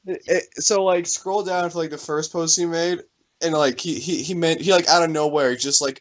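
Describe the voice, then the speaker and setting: A man's voice: a little high, brisk, a bit bright. A man co-hosting a casual fan podcast, rambling through a story with many fillers. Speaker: podcast co-host. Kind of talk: casual chat.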